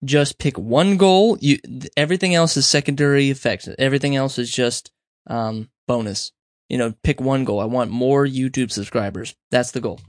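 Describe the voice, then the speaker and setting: A man's voice: medium pitch, normal speed, no room sound, studio quality. A young man hosting a podcast, giving casual advice in a rambling, self-correcting way and acting out little quoted exchanges. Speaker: podcast host. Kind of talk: casual solo advice talk.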